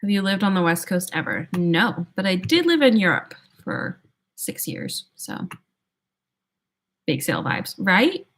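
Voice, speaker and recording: Chatting casually with viewers on her livestream, this young host laughs often and thinks out loud, peppering her speech with "like." Her voice is medium-pitched, a little bright and lively in intonation, and she doesn't rush.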